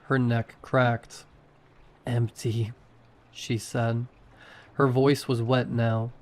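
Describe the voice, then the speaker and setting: A man reading a horror story aloud in a slow, measured way. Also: medium pitch, level tone. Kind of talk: scripted horror narration.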